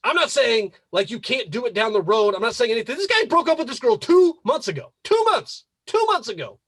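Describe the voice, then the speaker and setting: A man's voice: very high voice, fast talker, breathy edge, no echo. A man hosting a live relationship-advice show, talking casually, swearing freely and working himself up into incredulous rants. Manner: animated, swearing, rising to incredulous outbursts. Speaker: podcast host.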